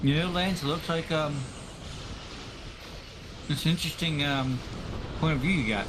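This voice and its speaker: A man's voice: a little high, moderate pace, background noise. A man co-hosting a live stream, trading jokes and teasing banter. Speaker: co-host.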